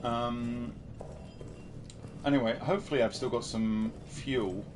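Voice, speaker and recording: A man's voice: medium pitch, fairly even intonation, takes it slowly, noisy background. Uk guy rambling on a game stream, chatty, lots of ums. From United Kingdom. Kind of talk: casual livestream commentary.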